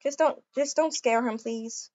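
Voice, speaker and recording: A woman's voice: a little high, unhurried, darkish tone, muffled recording. A woman improvising a game role-play, gushing and giddy, with many ums and hesitations.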